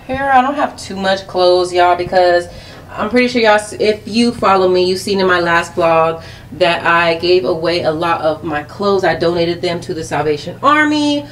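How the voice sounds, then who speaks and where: A woman's voice: on the low side, a little slow, a little hiss or hum. Sassy young Southern woman vlogging. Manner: chatty, sassy, addresses viewers as y'all and honey. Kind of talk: casual vlog chat. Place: home closet.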